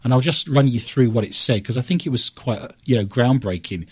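A man with an East London Cockney accent, co-hosting casual radio talk and telling his stories in a measured way with asides. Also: medium pitch, husky. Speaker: paranormal investigator co-host.

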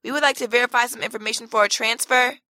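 A woman's voice: fairly high pitch, fairly even intonation, fast talker, sharp tone, no room sound, studio quality, pitched above the performer's own voice. A woman voicing a formal, scripted money-transfer phone agent. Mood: businesslike.

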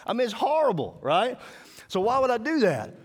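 A man from Mississippi with a Southern accent, giving a lively, joking sermon to a school audience. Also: extremely high pitch, normal speed. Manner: animated, joking, drawling, talks to the crowd. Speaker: guest speaker. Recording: long hall reverb.

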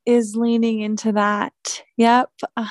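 Reflective woman guest, slightly high voice. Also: level tone, no room sound. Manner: halting and reflective, many fillers and restarts, warm affirmations. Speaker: interview guest and business owner. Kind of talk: casual interview conversation.

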